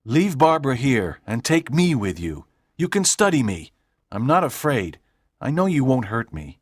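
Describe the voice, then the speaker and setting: A woman voicing a brave schoolboy, speaking in a steady, determined way. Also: extremely low pitch, normal speed, breathy edge, no room sound, clean studio sound, pitched below the performer's own voice, exaggerated voice. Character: brave schoolboy eager to travel.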